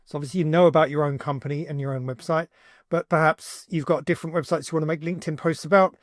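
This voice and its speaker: A man hosting a software tutorial, talking casually and thinking aloud with fillers as he builds something on screen. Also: fairly high pitch, steady tone, fast, no room sound, studio quality. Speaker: tutorial host, agency owner.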